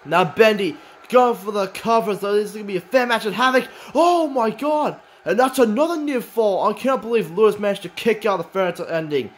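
Excitable high-voiced wrestling commentator, a man. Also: fairly quick, hardly any pauses. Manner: swings from calm to shouting with excitement.

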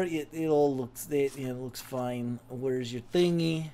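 A man's voice: mid-range voice, slow, mellow. A tipsy man hosting a let's-play of a video game, rambling with profane, mocking jokes as he plays. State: tipsy from drinking. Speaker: host.

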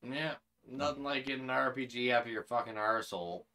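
A man's voice: medium pitch, a little fast, sharp tone, a little hiss or hum. A man streaming a game, joking with friends in profane, boisterous banter. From Canada. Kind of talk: casual gaming chat.

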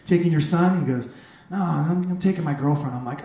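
A man performing a stand-up comedy set on a club stage, telling animated stories and shouting punchlines. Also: on the high side, fairly quick. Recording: echoey room, noisy club.

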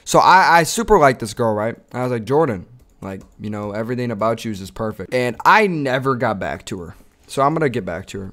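A young man talks straight to his viewers in loose, crude banter full of slang. His voice sits at an ordinary middle pitch and keeps jumping into hyped, yelling bursts. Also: animated, a little fast, music in the background. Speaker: content creator. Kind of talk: casual vlog commentary.

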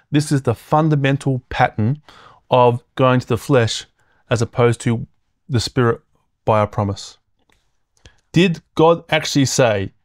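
A man's voice: mid-range voice, a little mellow, no room sound. Dry-sounding preacher man, conversational. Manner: conversational teaching, often checking in with "okay?"; reads scripture aloud and chuckles between points. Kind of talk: sermon.

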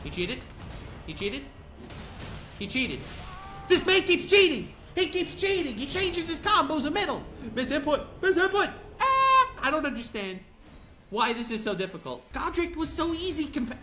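A man's voice: extremely high pitch, moderate pace, soft background music. Young man raging over a boss fight. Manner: swings between mock-calm taunts and frustrated outbursts, talks to chat. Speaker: gaming video creator. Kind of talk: live gameplay commentary.

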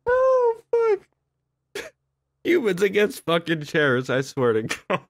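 A man's voice: high voice, huge pitch swings, slow pace. A man streaming a game role-play, laughing helplessly and swearing as he breaks character.

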